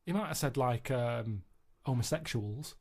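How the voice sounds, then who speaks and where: A man telling a rambling story in a deadpan way, chatting casually in a radio studio. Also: medium pitch, a little slow, vocal fry. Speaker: radio show regular.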